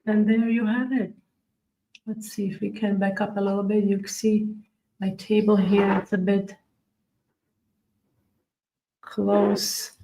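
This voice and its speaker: A woman hosts a live baking tutorial, talking viewers through each step as she decorates at her table. Her voice stays level, with little rise and fall, and she speaks in a chatty, unhurried way. She answers viewer comments as she works. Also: mid-range voice, level tone, gravelly, warm tone, slight background noise, low-quality recording. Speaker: cookie decorating livestream host.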